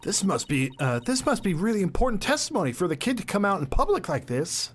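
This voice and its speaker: A man co-playing a game on a let's play, chatting and reacting quickly to the story. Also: high-pitched, big pitch swings, a little hiss or hum. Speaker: co-player. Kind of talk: casual gameplay commentary.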